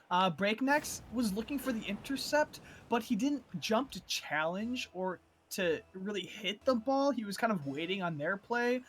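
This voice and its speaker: A man's voice: high voice, fairly bright tone. A man giving live esports color commentary, analytical and explaining plays with frequent fillers and restarts.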